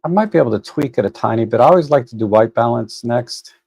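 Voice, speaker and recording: A man's voice: medium pitch, lively intonation, fast, gravelly, darkish tone, husky. A man hosting a photo editing livestream, chatting casually and thinking aloud with fillers and restarts as he works at his computer. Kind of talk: casual live stream commentary. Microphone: desk microphone.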